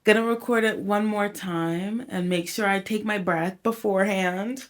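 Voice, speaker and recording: A woman's voice: mid-range voice, fairly even intonation, moderate pace. A chatty woman in a home recording setup talks the camera through her process. She rambles freely and peppers her talk with "y'all" and "like." Now and then she sounds a little winded from singing. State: a little out of breath at times. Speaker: songwriter and home producer. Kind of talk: casual vlog talk to camera.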